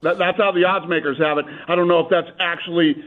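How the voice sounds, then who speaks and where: Man, radio guest over a phone line, brisk enthusiastic promoter, stat-heavy talk. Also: sits high, fairly even intonation. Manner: brisk, enthusiastic, reels off stats.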